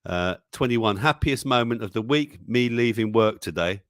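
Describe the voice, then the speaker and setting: With lively intonation, a moderate pace, and a slightly bright medium-pitched voice, a man hosts a relaxed live-stream news show. He chats and reads memes aloud, chuckling frequently and exclaiming at what he shows, in studio-quality audio without room sound.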